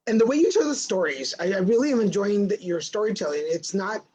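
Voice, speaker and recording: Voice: medium pitch, expressive, fast, a little mellow, rough recording. An interview host with a mid-range voice who asks long, looping questions, stopping and restarting as they go. A faint hiss of noise sits under the speech. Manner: friendly, rambling questions with restarts, shifting pace. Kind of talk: casual interview chat.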